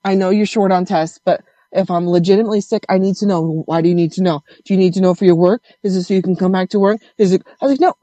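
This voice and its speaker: A woman telling a story in casual conversation, animated and swearing as she acts out what others said. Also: on the low side, fast, hardly any pauses, dry recording, highs cut off.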